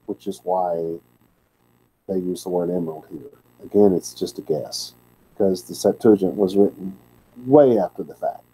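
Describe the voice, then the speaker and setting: A man's voice: fairly low pitch, mellow, rough recording. A man teaching a word-by-word scripture lesson, plainspoken, with candid asides. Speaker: Bible teacher.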